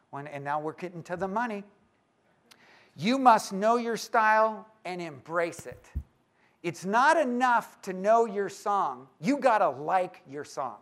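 A man with a notably high voice gives a live talk to a room of church leaders. He is lively and playful and keeps teasing his listeners as he goes. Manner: lively and joking, teases the audience. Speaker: speaker at a church leaders' conference.

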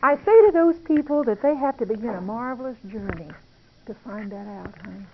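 A woman's voice: fairly high pitch, expressive, brisk, noisy background. A woman speaking earnestly and intimately about prayer and faith, confiding like a testimony, in a dull lo-fi recording. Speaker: Christian speaker. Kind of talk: testimony-style talk on prayer.

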